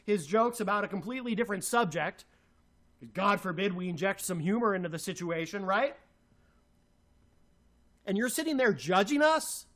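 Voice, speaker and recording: A man's voice: high-pitched, a bit bright. A man co-hosting a talk show, ranting in a heated voice, repeating himself and hurling insults. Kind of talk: angry radio rant.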